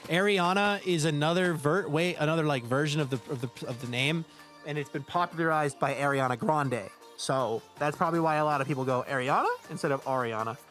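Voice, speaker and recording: American guy streamer, bit high-pitched, chatty, answers chat live, faint music under. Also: fairly quick, a bit bright. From United States. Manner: chatty, answers viewers' chat aloud while playing. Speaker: game streamer.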